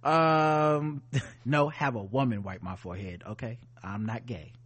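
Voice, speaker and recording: A man voicing a bigoted male surgeon who mutters quietly and offhandedly while he operates. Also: medium pitch, measured pace, breathy edge, pitched below the performer's own voice. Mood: muttering, deadpan.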